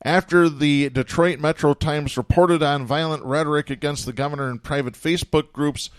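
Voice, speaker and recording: A man's voice: fairly high pitch, steady tone, normal speed, no room sound. A man hosting a political podcast, reading news stories aloud with sardonic chuckles in a casual, talky way. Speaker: podcast host.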